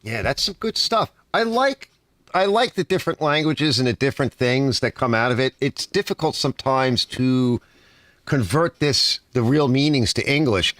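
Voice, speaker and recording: A man's voice: medium pitch, normal speed, dry recording. A middle-aged man with a heavy New York accent chatting casually on a livestream, telling stories and tagging sentences with "right?" and "you know?". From Long Island, New York. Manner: storytelling, animated, fillers like "right?" and "you know?". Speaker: livestream host. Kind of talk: casual livestream chat reading comments. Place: home garage.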